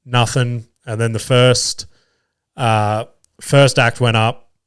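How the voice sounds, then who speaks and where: Male comic-host, mid-pitched, sweary and self-amused storytelling, dry close mic. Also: steady tone, slow, a bit bright, smooth, no echo. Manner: swears freely, laughs at his own stories. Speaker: comedian and podcast host. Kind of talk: casual solo podcast storytelling.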